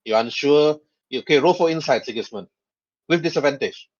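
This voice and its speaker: A man narrating as game master of a tabletop game, with quick put-on voices for side characters. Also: fairly high pitch. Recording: dull lo-fi voice chat audio.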